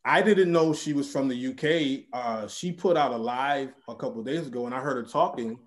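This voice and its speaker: A man hosting a casual podcast interview, animated and chatty. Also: mid-range voice, brisk. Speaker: podcast host.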